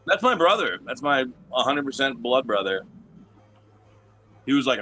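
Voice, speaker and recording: A man's voice: medium pitch, lively intonation, moderate pace, sharp tone. A man being interviewed as a wrestling champion, talking in a brash, boastful, profane way and telling stories casually.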